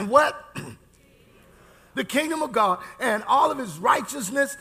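A man preaching a sermon in call-and-response style, shouting key lines and drawing out words. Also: extremely high pitch, slow, gravelly.

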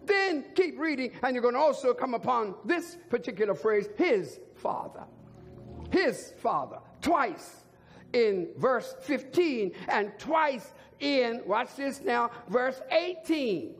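An older man delivers a sermon in a high, gravelly voice, hammering single words again and again until he shouts them. Long reverb from the church hall trails each phrase, with soft music underneath. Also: big pitch swings, takes it slowly. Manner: emphatic repetition, rising to shouts. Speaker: bishop preaching.

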